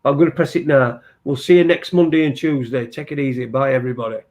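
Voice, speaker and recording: A man's voice: mid-range voice, fairly even intonation, fast talker, a little mellow. A man hosting a casual podcast chat, bantering, laughing often and swearing freely. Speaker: podcast host.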